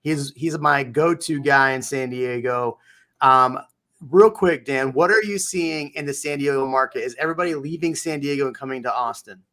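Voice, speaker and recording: A man's voice: medium pitch, normal speed, a bit bright. A man hosting a casual livestream chat as a realtor, joking and laughing often.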